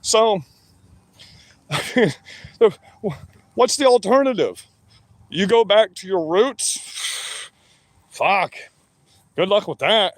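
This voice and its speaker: This vlogger's rant moves slowly, his high voice full of lively intonation and frequent pauses, with no room sound. Speaking alone to the camera, he's combative and swears heavily throughout.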